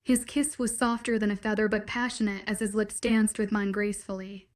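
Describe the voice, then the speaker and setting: A woman narrating a first-person romance audiobook in a soft, intimate, dreamy storytelling manner. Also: mid-range voice, level tone, brisk.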